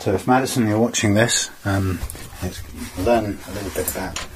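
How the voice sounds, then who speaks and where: A man's voice: fairly low pitch, measured pace, a little hiss or hum, poor audio. A man casually talking through guitar fret work in a workshop, rambling with many fillers as he explains each step. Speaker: guitar repairer.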